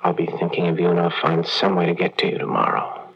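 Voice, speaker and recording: A man's voice: sits low, level tone, fairly quick, slight background noise. A man acting a frantic husband on the phone in a vintage radio comedy sketch, stammering and dropping to urgent whispers. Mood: anxious. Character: anxious middle-aged man caught in an affair. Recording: dull lo-fi vintage radio recording.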